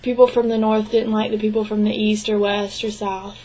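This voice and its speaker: A young woman interpreting a signed interview into spoken English, speaking in short, halting phrases with restarts and frequent throat clearing. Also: medium pitch, level tone, warm tone, rough recording. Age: young adult. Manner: clears her throat often. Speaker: sign language interpreting student.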